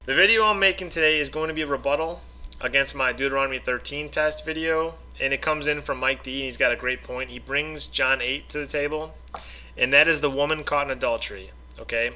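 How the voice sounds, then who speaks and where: An online Bible teacher with a medium-pitched, pushed, bright voice speaks casually to camera. He reads scripture passages aloud, then explains them informally, often checking in with "okay?" and "right?"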